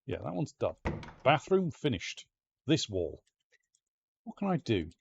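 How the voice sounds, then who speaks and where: A man's voice: medium pitch, sing-song, unhurried, creaky, dull audio, slight background noise. A man with an Ulster Scots accent giving casual let's-play commentary, chatty and muttering to himself, now and then swearing. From Northern Ireland. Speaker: game streamer.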